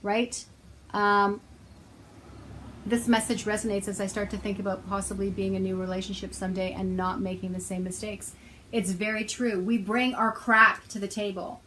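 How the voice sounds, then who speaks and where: A woman's voice: medium pitch, flat delivery, moderate pace, fairly bright tone, a little hiss or hum, rough recording. A middle-aged woman talking casually to her viewers, telling a personal story in a chatty way with a sarcastic edge. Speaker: self-help author and host.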